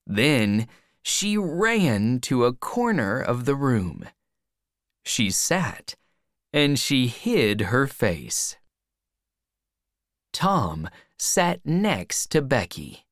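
Woman narrator, low voice, very slow and clear reading, lively pitch, dry close sound. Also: no echo. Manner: slow, clear graded-reader delivery. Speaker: reader. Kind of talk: scripted storybook narration.

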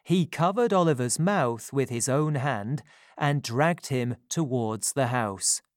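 A reader narrating a story in a slow, careful, scripted style. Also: mid-range voice, lively intonation, no echo, clean studio sound.

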